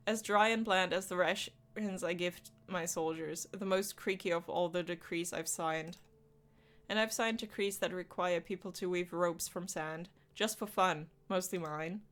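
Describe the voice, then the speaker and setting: A woman's voice: on the low side, a bit bright, natural voice. A woman voicing a centuries-old male demon king from a visual novel, speaking in a theatrical, flowery, teasing manner. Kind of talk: reading a visual novel aloud.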